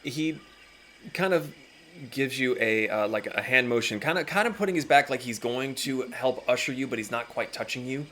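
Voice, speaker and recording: A man's voice: medium pitch, lively intonation, normal speed, pushed and bright. A man narrating a tabletop game as dungeon master, describing scenes at an easy pace with many fillers.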